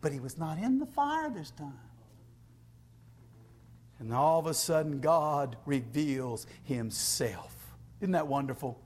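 Male preacher, high-pitched, unhurried delivery, whispers and shouts through scripture. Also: expressive, breathy edge. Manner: swings from hushed whispers to shouted praise; reads scripture in King James style. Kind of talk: sermon.

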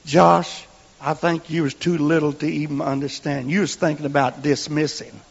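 A man preaching a sermon in folksy storytelling, dropping to hushed whispers and rising to shouts. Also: a little high, level tone, normal speed, creaky, breathy edge. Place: church. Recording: echoey lo-fi church recording.

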